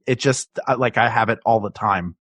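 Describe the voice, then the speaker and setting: A man with a husky, slightly breathy voice and a mid-range pitch, co-hosting a podcast from home. He talks in a loose, rambling way, restarting his sentences and laughing often. The sound is dry and close. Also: normal speed, a bit bright, no echo. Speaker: podcast co-host. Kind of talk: casual chat. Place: his home, recording remotely.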